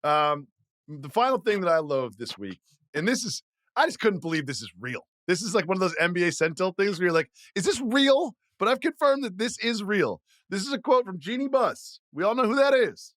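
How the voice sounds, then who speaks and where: A man co-hosting a sports podcast, talking casually in an animated, disbelieving way and laughing through his rants. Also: high-pitched, a little fast, no room sound, studio quality. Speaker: podcast co-host.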